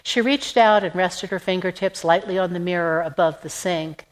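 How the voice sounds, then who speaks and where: A woman reading a literary novel aloud in an even, measured narration. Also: lowish voice, rough recording. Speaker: audiobook narrator. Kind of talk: scripted narration.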